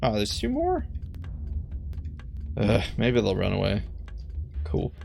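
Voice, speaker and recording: A man's voice: lowish voice, huge pitch swings, slow, gravelly, darkish tone. A man giving playful, self-mocking commentary while playing a game. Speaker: let's play gamer. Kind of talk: casual gameplay commentary.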